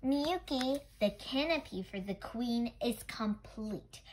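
A gentle, tired old grandfather, put on by a woman reading a storybook keeps repeating himself with kindly patience. His voice sits a little high and carries a bit more volume than the narration. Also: animated, slow pace, a little hiss or hum, rough recording. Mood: coaxing.

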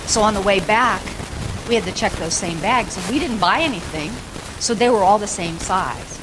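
A woman pastor preaching a sermon, telling a personal story in a chatty, animated way and acting out the other people's lines. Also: medium pitch, moderate pace. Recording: live church recording with steady background noise.

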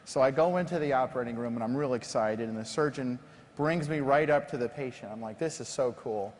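A man being interviewed on a conference stage as a company founder, telling lively self-deprecating stories. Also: mid-range voice, fast talker. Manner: animated, self-deprecating anecdotes. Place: large conference stage before an audience. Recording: long reverb of a large hall.

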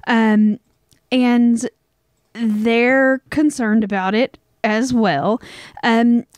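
A woman's voice: a little high, steady tone, very slow, darkish tone, no room sound. A young woman with a Southern US accent co-hosting a podcast, telling a story in a rambling, casual way full of fillers. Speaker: podcast co-host.

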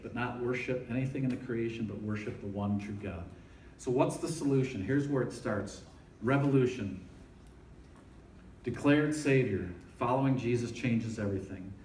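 Speaking to students in a relaxed, conversational sermon, the campus ministry speaker keeps checking in with the room. His mid-range voice is a little mellow. The echoey recording catches him from a distance, with slight background noise.

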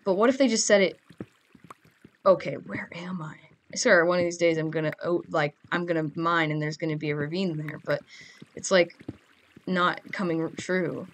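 A woman's voice: lowish voice, brisk. A teenage girl giving casual, goofy gameplay commentary, chatting and rambling to her audience. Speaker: gamer.

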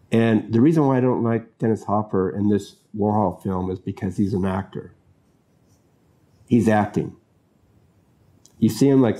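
Male host, low and mellow, casual rambling film talk full of "you know"s. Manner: musing, loose and rambling, many fillers and restarts. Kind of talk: casual talk about films.

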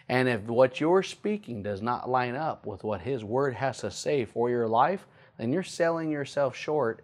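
A male pastor teaching a sermon, often repeating key points and slowing down to stress them. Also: mid-range voice.

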